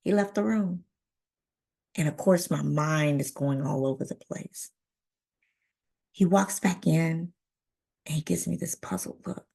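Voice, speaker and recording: A woman giving a keynote talk, telling a personal story in an animated way and acting out the dialogue. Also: sits low, measured pace, creaky, long pauses, husky. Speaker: keynote speaker.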